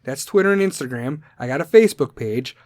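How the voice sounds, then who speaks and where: A man hosting a segment, ranting bluntly and aggressively at listeners and swearing constantly, his volume swinging between loud and soft. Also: mid-range voice, animated, a little fast, no echo, clean studio sound. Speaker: podcast segment host. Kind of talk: profane rant to listeners.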